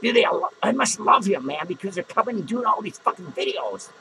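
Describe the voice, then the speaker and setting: A man's voice: high-pitched, very animated, fairly quick, gravelly, pushed and bright, soft background music, heavily acted, rough recording. A man playing a foul-mouthed, jittery male clown who hosts a podcast and rants crudely and nervously at his viewers. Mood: ranting. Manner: swearing, rambling, nervous outbursts. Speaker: podcast host. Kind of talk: profane comedic rant to viewers. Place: podcast studio.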